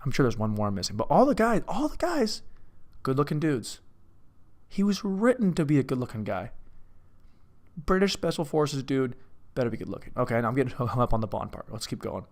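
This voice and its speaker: A man's voice: medium pitch, very animated, brisk. A man alone in a room, casually reviewing a film, rambling, cursing and mocking himself. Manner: rambling, self-mocking, profane. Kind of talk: casual movie commentary.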